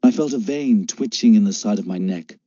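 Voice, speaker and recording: Dark, husky male audiobook narrator. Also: lowish voice, fairly quick, no echo. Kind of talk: scripted first-person narration. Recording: dull lo-fi dry recording.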